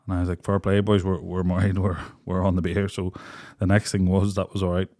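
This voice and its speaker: A man's voice: low-pitched, monotone, brisk, warm tone. An Irish man, a young adult podcast co-host, telling a night-out story in casual chat, swearing freely and acting out quotes between bursts of laughter. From Ireland.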